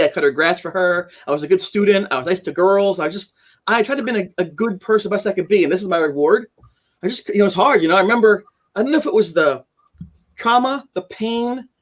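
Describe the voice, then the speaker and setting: Earnest man telling a frightening story. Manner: earnest, emotional, acts out quotes with sudden high shouts. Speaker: guest. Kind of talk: personal storytelling in a podcast interview.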